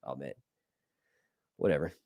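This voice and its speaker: A man's voice: rumbling low, unhurried, vocal fry, warm tone, no echo, clean studio sound. A man giving casual, profane movie commentary, rambling between jokes and reading passages aloud. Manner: profane, rambling, jokey asides. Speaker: film reviewer.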